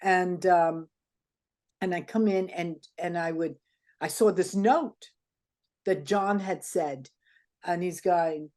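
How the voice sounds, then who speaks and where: An older woman, an interview guest, telling stories in an animated way and acting out the people she quotes. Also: lowish voice, slow, pauses often. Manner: animated, acts out quoted dialogue. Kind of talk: anecdotal storytelling.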